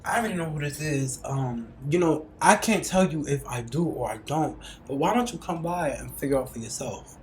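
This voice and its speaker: Woman doing a low, coy flirting shop guy. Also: lively intonation, moderate pace, a little hiss or hum. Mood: teasing. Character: smooth-talking flirtatious male shop clerk. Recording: roomy echo.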